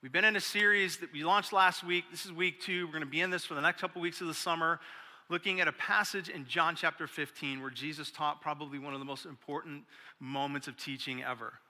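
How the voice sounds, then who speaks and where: Animated man preaching in a bright, echoing hall. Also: on the high side, brisk. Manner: animated storyteller who acts out other people's lines. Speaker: pastor. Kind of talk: sermon with a story. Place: church hall. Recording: long hall reverb.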